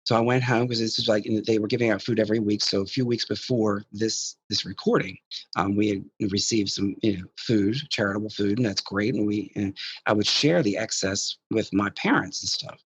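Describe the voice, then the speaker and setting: A man's voice: lowish voice, fairly even intonation, fairly quick, husky, dry recording, poor audio. A man telling his experiences in a casual interview, rambling with many restarts and repeated words. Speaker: guest describing contact experiences.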